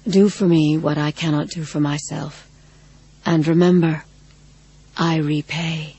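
A woman voicing a strange, patient madwoman with a sweetly husky voice and slow, solemn speech. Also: low voice, fairly even intonation, dark tone, exaggerated voice.

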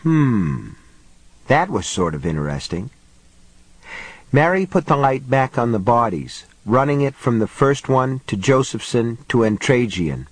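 A man narrating a horror audiobook in a measured, even storytelling voice. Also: medium pitch, breathy edge, dry recording, poor audio.

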